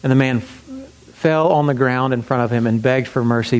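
A man's voice: medium pitch, fairly even intonation, quick pace, a little mellow, low-quality recording. Man preaching in a chatty, storytelling way. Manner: conversational storytelling with emphatic repetition; frequent fillers and restarts. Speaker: pastor. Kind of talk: sermon.

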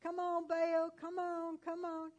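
A woman's voice: extremely high pitch, monotone, slow, darkish tone, dull audio, voice pushed up. Woman hollering as desperate false prophets. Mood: pleading. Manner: hollering, pleading.

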